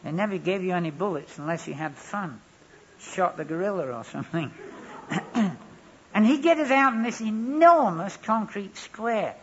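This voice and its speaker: A man's voice: high-pitched, expressive, moderate pace, a little hiss or hum. A man preaching a sermon and telling a wry, humorous story from his past. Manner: wry humorous anecdotal delivery. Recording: dull lo-fi recording.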